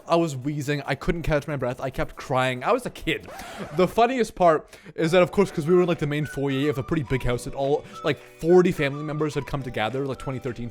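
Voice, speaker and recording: A young man telling a comic story from his childhood, animated and sweary, with lots of exaggeration. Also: fairly high pitch.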